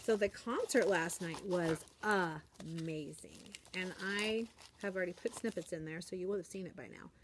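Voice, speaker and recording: A woman in her forties, an elementary school teacher, records a casual vlog in her classroom, showing items to a handheld camera at a moderate pace. She keeps it chatty and upbeat, doing kids' voices in a high register. There's noise in the background.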